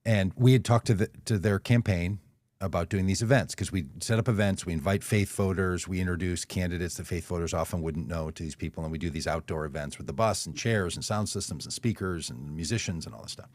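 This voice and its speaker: A man's voice: deep voice, brisk, darkish tone, no room sound, studio quality. A man telling a personal story as a guest speaker on a video call, in a conversational way, correcting himself as he goes. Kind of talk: anecdotal storytelling.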